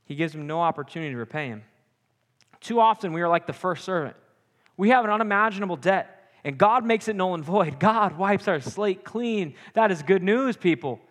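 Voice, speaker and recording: A young man preaching a sermon with animated, joking asides. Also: sits high. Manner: animated, jokey asides and acted-out quotes. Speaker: pastor. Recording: long hall reverb.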